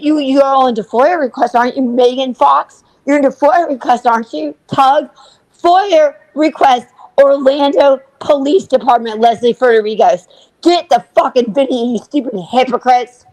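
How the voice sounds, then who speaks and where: Woman, high-pitched, dry close sound, furious profane rant, livestream co-host. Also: normal speed, darkish tone, no echo, rough recording. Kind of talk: livestream commentary.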